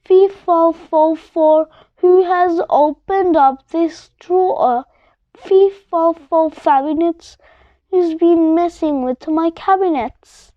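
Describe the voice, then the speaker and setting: A woman voicing a grumpy, filing-obsessed male monster in a storybook reading, with a slow growl. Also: very high voice, no echo, muffled recording. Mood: roaring.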